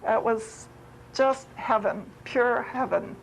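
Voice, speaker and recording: Woman, retreat talk, personal storytelling, heartfelt, repeats words for emphasis, unhurried, faint background noise. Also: a little high, creaky, rough recording. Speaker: speaker at a spiritual retreat. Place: retreat gathering.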